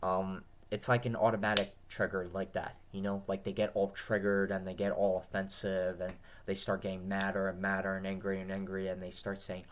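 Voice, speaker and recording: Tired, rambling low-voiced man. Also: completely flat delivery, brisk, hardly any pauses. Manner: repetitive, earnest, restarts often. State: tired, dry throat. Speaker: vlogger. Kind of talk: casual rambling monologue.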